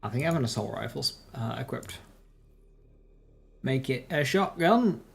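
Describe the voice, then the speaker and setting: A man's voice: medium pitch, animated, moderate pace, gravelly. A man streaming a game, thinking aloud about his build and greeting his chat viewers by name. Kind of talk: casual live-stream commentary.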